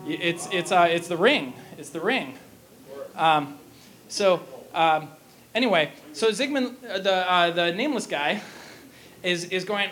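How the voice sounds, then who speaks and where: Male lecturer, high voice, casual and jokey opera plot retelling, lots of ums and restarts. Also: expressive, unhurried, fairly bright tone.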